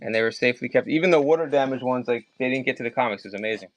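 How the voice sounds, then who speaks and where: With slight background noise behind him, a medium-pitched man with a Maryland accent hosts a casual livestream sale of comics. He's chatty and rambling, rattling off bids fast.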